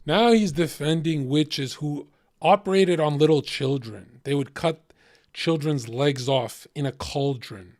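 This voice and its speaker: A podcast host with a slightly high, somewhat mellow voice chats casually, unhurried, telling stories bluntly and swearing freely. The sound is studio quality with no room noise.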